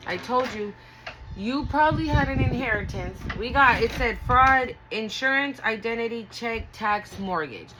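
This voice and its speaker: A woman's voice: fairly high pitch, lively intonation, a little slow, noisy background. A woman giving a casual tarot reading, talking bluntly and emotionally with lots of swearing. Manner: blunt, profane, emotional and earnest. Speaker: tarot reader.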